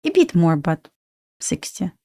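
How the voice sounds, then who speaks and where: Warm and on the low side, her voice swings widely in pitch at a measured pace. She's a woman from Belarus with a Belarusian accent, casually hosting a trading livestream, reading and answering viewers' questions and laughing often, recorded dry with clean studio sound.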